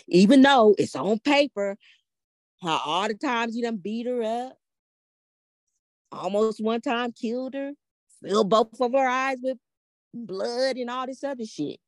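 A woman's voice: a little high, a little slow, pauses often, dry recording. Older lady host telling a story, cusses a lot, keeps going "guess what", dry close sound. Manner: blunt, profane, emphatic, keeps asking rhetorical "guess what". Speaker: podcast host. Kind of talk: casual storytelling to a live audience.

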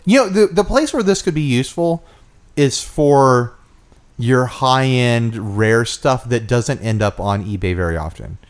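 A man's voice: medium pitch, lively intonation, measured pace. A man co-hosting a casual podcast chat, talking loosely with fillers and teasing his co-host. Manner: chatty, teasing, thinks aloud with fillers.

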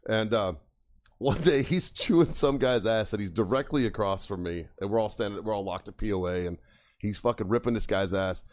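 A man's voice: on the low side, brisk. A man in his thirties hosting a podcast, telling profane stories with plenty of laughter. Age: 30s. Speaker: podcast host. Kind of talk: casual storytelling.

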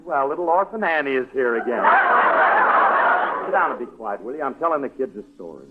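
Brief: actor doing a brash, folksy dad, very animated, old radio, tinny. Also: male voice, mid-range voice, brisk, noisy background, lightly acted. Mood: boastful. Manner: folksy, ungrammatical, boastful. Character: brash bandleader husband and father. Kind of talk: 1940s radio sitcom acting.

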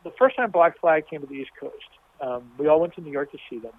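A man's voice: on the high side, expressive, fast talker. Thoughtful man on a thin phone-like line. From Washington, D.C. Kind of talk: reflective interview talk.

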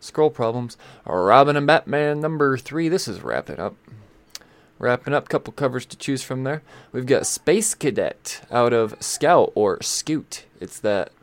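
A man's voice: mid-range voice, very animated, measured pace. A man hosting a casual weekly rundown of new comic books, rambling and offhand with fillers, stalls and asides. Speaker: comic book channel host.

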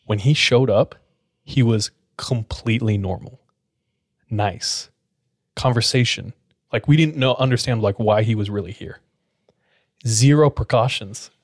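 A wary female nurse who speaks low and confiding as she shares a secret, voiced plainly by a male storyteller. The voice is deep and stays close and dry. She sounds like she is making sure no one else is listening. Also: a little slow, slightly rough, no echo.

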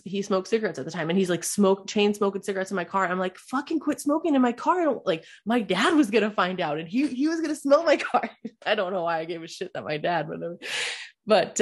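A young adult woman, telling a personal story in a candid, rambling way, swearing freely and using lots of fillers. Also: fairly low pitch.

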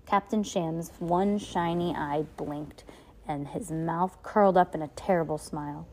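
A woman's voice: low-pitched, a little slow, a little mellow, low-quality recording. A woman reading a novel aloud in a casual way, stumbling and restarting now and then. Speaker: reader.

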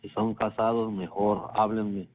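A man leaving a brisk, matter-of-fact chatline greeting. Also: on the low side, level tone. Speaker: chatline caller. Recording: tinny phone line.

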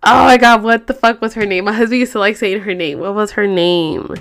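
Smooth-voiced woman telling a rambling story. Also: medium pitch, steady tone, brisk, a bit bright. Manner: rambling, profane, heavy on fillers like "like". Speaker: podcast host. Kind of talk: casual storytelling.

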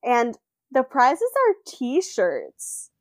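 A woman's voice: a little high, wildly swooping pitch, drawn-out words, dry recording. A woman co-hosting a casual recap chat, summarizing events in a dry, matter-of-fact way. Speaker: podcast co-host.

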